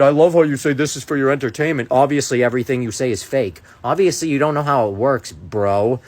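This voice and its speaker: A man, a social media creator, ranting to camera in an indignant, sarcastic way and repeating his challenges. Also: medium pitch.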